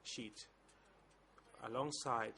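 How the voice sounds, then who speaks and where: A male lawyer, addressing a courtroom slowly and formally with some hesitations. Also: mid-range voice, fairly even intonation, pushed and bright. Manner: deliberate, measured speech with hesitations. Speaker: lead co-lawyer for civil parties.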